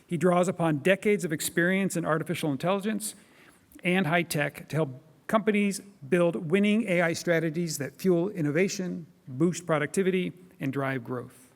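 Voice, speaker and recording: A man hosting a conference who reads out a measured introduction of the keynote speaker. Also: high-pitched, creaky. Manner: measured, reading from notes. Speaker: event host introducing the keynote. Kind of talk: read introduction. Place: large conference hall. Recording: hall reverb.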